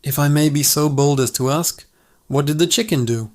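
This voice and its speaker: A man's voice: fairly high pitch, normal speed, darkish tone, lightly acted. A man voicing a foul-mouthed pet parrot in a told joke, with a scratchy squawking voice. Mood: stiffly polite. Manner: insulting and brash, later stiffly over-polite.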